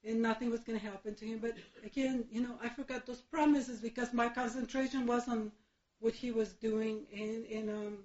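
A middle-aged woman from Mexico giving a halting personal testimony, full of fillers and restarts, laughing through painful memories. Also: fairly high pitch, steady tone, darkish tone. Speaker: speaker sharing her recovery story. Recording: echoey room, dull lo-fi sound.

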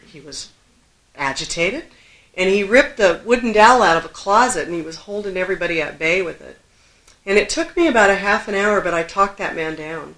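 A woman's voice: fairly low pitch, pushed and bright. Self-deprecating woman telling a story live. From Southern California. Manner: self-deprecating, laughs often. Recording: roomy echo.

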